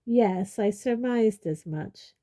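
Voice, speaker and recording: A woman voicing a very old, calm and kindly headmaster with a measured, gently dry manner in an audiobook. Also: mid-range voice, lightly acted. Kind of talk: audiobook character voice.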